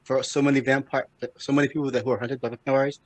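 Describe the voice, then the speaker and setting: A man's voice: medium pitch, little pitch movement, quick pace, dry recording. A man co-hosting a podcast, rambling about films with many restarts and frequent swearing. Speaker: podcast co-host. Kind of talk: casual film discussion.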